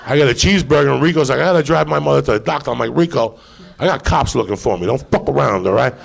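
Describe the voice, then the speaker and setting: Gravelly man telling a raunchy story. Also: medium pitch, racing. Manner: animated, swearing, laughing as he tells. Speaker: podcast host. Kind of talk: profane comic storytelling. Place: live podcast stage.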